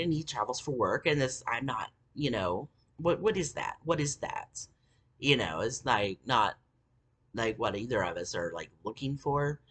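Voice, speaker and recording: Middle-aged woman ranting, husky low voice, swears a lot, lots of like and um. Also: sharp tone. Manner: rambling, profane, many fillers. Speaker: vlogger. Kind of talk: casual storytelling monologue.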